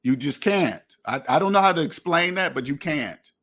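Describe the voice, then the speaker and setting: Here a man with a fairly high, fairly bright voice and lively intonation talks at normal speed. He's a finance podcast host delivering a casual monologue, lecturing bluntly and preachily, playing out imagined exchanges, and swearing from time to time.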